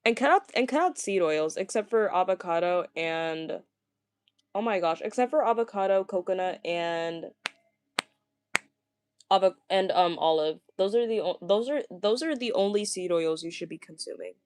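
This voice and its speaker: A woman's voice: lowish voice, animated, normal speed, a little mellow, clean tone, no echo. A woman vlogger in casual livestream chat, stuttering and stumbling over words with many fillers, gushing as she answers viewers. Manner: chatty, gushing. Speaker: vlogger reading viewer comments.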